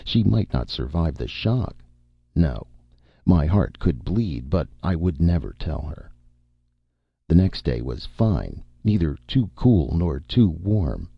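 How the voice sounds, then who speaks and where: Male audiobook narrator, very low, gravelly and husky, expressive; slightly dull recording. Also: slow pace, no echo. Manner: expressive, melodramatic first-person reading. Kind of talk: storybook narration.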